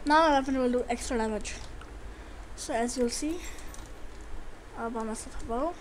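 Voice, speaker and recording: Yelling at both opponents and teammates between stretches of quieter muttering, a woman trash-talks through her live gameplay commentary. Her voice is fairly high and excitable at a moderate pace, with slight background noise in the recording.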